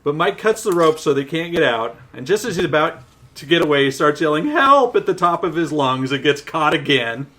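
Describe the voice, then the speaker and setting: A man's voice: on the high side, a little fast. A young man co-hosting a podcast, giving a wry, joking recap of a movie plot in casual chat. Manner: wry deadpan plot summary with laughing asides.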